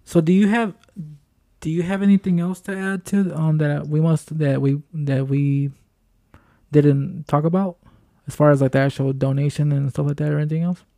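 A man hosting a casual interview, relaxed, restarting his questions. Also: fairly high pitch, moderate pace, vocal fry, no echo, clean studio sound. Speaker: host, interviewer.

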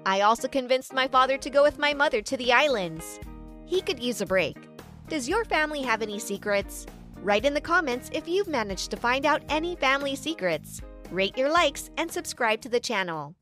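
A woman narrating a first-person story in a lively, animated way. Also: high voice, moderate pace, soft background music.

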